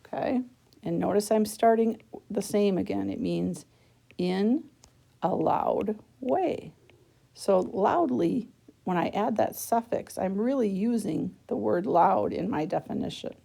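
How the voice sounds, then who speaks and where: She has a mid-range, gravelly voice with a warm tone and speaks at a measured pace. This woman teacher patiently takes students through a worksheet one step at a time in a recorded lesson, checking in often with "okay?".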